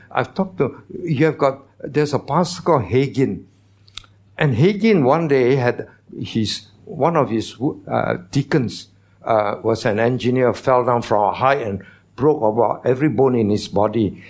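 Emphatic male pastor preaching a sermon. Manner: emphatic, asks the congregation repeated rhetorical questions; voice often rises in pitch and loudness for emphasis.

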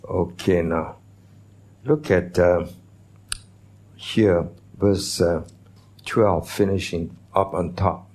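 A pastor preaching a sermon in a church, teaching in a conversational way and putting questions to the congregation. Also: male voice, sits low, steady tone, drawn-out words, long pauses, darkish tone, slightly rough.

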